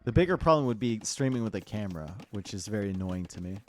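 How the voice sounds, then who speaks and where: A man's voice: fairly low pitch, expressive, quick pace, darkish tone. A man casting a live strategy-game match, laid-back and chatty, teasing his live chat between plays. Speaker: tournament caster. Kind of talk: live esports commentary mixed with chat banter.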